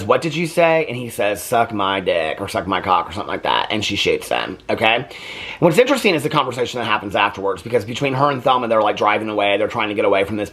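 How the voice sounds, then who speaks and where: A man's voice: fairly low pitch, sharp tone, husky. A man in his fifties hosting a casual movie review vlog, talking in a chatty, rambling and heartfelt way. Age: 50s. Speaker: host.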